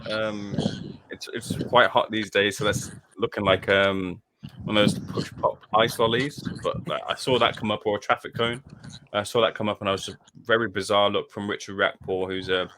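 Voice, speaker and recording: A man's voice: on the low side, moderate pace, background noise. A man, a guest on a podcast, telling a casual story and acting out the dialogue. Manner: animated storyteller, acts out dialogue.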